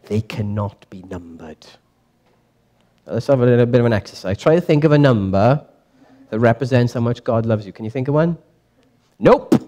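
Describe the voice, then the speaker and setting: Young male church teacher, mid-pitched, casual and chatty, quizzes the room. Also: normal speed, long pauses. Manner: lively, chatty, quizzes the audience, self-correcting.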